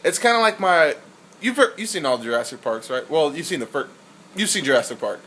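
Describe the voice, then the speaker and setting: A man co-hosting a casual film review podcast, talking in an excitable, rambling way with lots of "like". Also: on the high side, a little fast, slightly rough, poor audio. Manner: rambling, excitable, fond of filler "like". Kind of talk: casual movie review chat.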